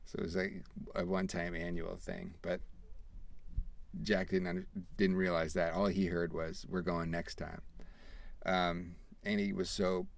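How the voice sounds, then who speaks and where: A man in his thirties hosting a podcast, telling a family story in a rambling, animated way, acting out the quoted dialogue. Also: deep voice, measured pace, vocal fry. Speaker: podcast host. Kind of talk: casual storytelling.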